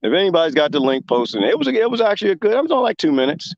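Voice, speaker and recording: A man's voice: high voice, racing, gravelly, dry recording. Impassioned man ranting, dry lo-fi sound. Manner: impassioned, rambling, with lively imitated quotes. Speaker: show host. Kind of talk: casual commentary.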